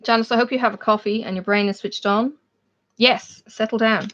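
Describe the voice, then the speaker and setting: A woman's voice: fairly high pitch, steady tone, fairly quick, a bit bright. Chatty Australian woman host; rambling, easy live-chat delivery with frequent laughter, a bit muffled. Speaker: livestream host. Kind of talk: casual chat with live viewers.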